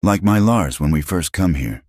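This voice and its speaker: A deep-voiced man puts on a stern old farm wife with a Norwegian accent, clipped and blunt in her broken English. The low voice is lifted for her, heard close and dry, as in a storybook reading. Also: animated, normal speed, a little mellow, dry recording.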